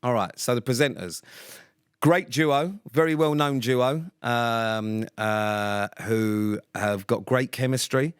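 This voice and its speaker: A man's voice: mid-range voice, slow pace, smooth, dry recording, studio quality. A man co-hosting a podcast, telling stories in casual chat, sweary and full of fillers. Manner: sweary, rambling storyteller with many fillers. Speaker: podcast co-host.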